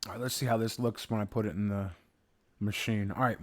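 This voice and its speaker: Reading viewer comments on a livestream, a man with a fairly low, fairly even voice talks fairly quickly. He rambles casually, swears, and keeps a sarcastic edge as he chats with his audience.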